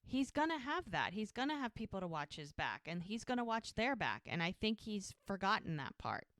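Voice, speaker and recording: A woman co-hosts a casual podcast, walking through a TV episode scene by scene and acting out the dialogue. Her voice is smooth and resonant, sitting at a middle pitch. The sound is dry and close, with no room around it. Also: sing-song, moderate pace, fairly bright tone, no echo. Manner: retells dialogue in detail, acting out the lines in quotes. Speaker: podcast co-host.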